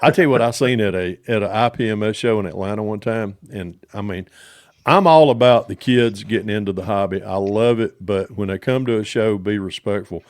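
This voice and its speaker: A man hosting a casual podcast chat, animated and quick to laugh. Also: lowish voice, no room sound, clean studio sound. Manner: animated, laughs easily, folksy. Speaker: podcast host.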